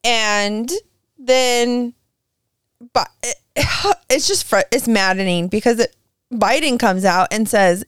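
A woman's voice: a little high, slow pace, clear, resonant tone, no echo, studio quality. A woman co-hosting a podcast in casual political chat, searching for words and rambling. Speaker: podcast co-host.

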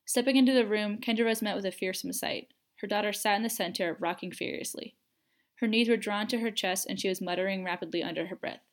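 A woman narrating a fan fiction audiobook at a mid pitch, measured and expressive. She reads with steady storytelling care, letting tension build through her delivery.

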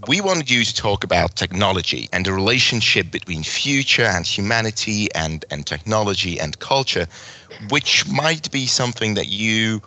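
A man's voice: fairly low pitch, expressive, moderate pace, bright, forceful tone. A man hosting a podcast interview, earnest, with frequent ums and uhs. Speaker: podcast host. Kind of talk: hosted interview.

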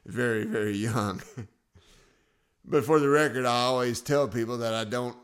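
A man's voice: mid-range voice, fairly even intonation, normal speed. A man in his forties hosting his own podcast, telling personal stories in a casual, self-joking way from a studio. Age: 40s. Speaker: podcast host.

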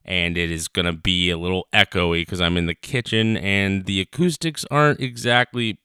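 A man's voice: low voice, fairly even intonation, moderate pace, bright, forceful tone, clear, resonant tone, no room sound, clean studio sound. A young man hosting his own podcast from his parents' kitchen, rambling and swearing in a heated rant. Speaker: podcast host. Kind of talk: casual solo podcast rant. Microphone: home recorder on a computer.

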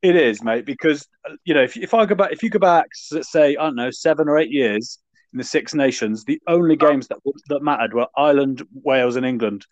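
A man's voice: medium pitch, a little fast, dry recording. Bantering man, blunt, lo-fi dry sound. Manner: blunt banter, swears casually. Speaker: podcast co-host. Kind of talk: casual sports chat. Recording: dull lo-fi dry recording.

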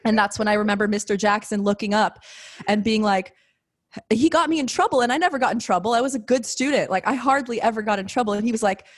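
A woman's voice: on the high side, quick pace. A woman in her twenties co-hosting a podcast, telling a rambling story in casual chat with frequent laughs. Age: 20s. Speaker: podcast co-host.

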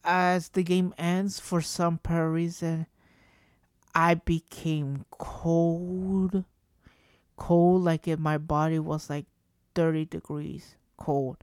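A man telling a casual story to his audience, rambling and animated, often repeating and restarting himself. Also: fairly high pitch, slow pace, smooth, no echo, studio quality. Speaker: vlogger.

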